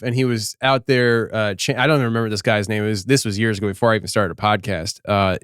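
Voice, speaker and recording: A man's voice: medium pitch, clean tone, no room sound, studio quality. A man from Philadelphia hosting a podcast interview, chatting casually and laughing often. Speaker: podcast host.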